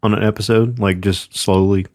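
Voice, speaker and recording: A laid-back man co-hosts a podcast, joking and swearing freely in casual chat. His voice is somewhat low. The recording is dry and close. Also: steady tone, moderate pace, no echo.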